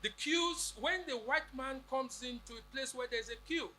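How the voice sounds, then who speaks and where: Male lecturer from Nigeria, high-pitched and very bright, rhetorical and rousing. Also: moderate pace, a little hiss or hum. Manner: rousing, rhetorical, with acted quotes. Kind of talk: public lecture.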